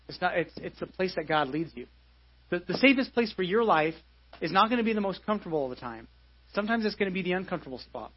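A man's voice: high voice, slightly rough, muffled recording. A pastor in his forties giving a live sermon in a church, conversational, with many restarts and repeated phrases. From United States.

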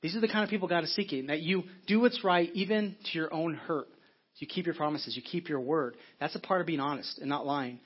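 A man's voice: a little high, fairly quick, breathy edge, dull audio. A middle-aged man, a pastor, preaching an earnest, conversational sermon with frequent restarts.

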